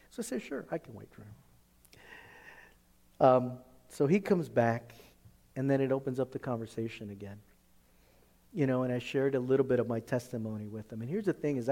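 A man casually recounting a personal faith encounter, animated when quoting others and restarting often. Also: big-room sound. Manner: animated retelling, quoting others with rising pitch, repeated restarts. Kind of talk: casual testimony storytelling.

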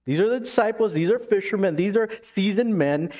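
A man preaching a sermon as pastor, emphatic, then dropping to hushed tones. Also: sits high, expressive, brisk, hardly any pauses.

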